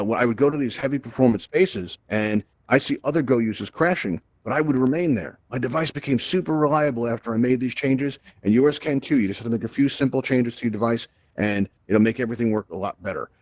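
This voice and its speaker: Fast-talking man presenting tech tips. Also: medium pitch, a little mellow, dry recording. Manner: chatty, tag questions "right?". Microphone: headset mic in VR.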